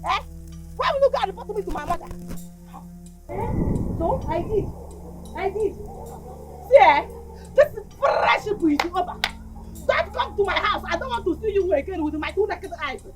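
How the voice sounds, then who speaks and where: High-voiced young Nigerian daughter, defiant and pleading. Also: female voice, expressive, moderate pace, long pauses, over music. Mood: accusing. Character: stubborn lovestruck young village daughter. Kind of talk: Nollywood film acting.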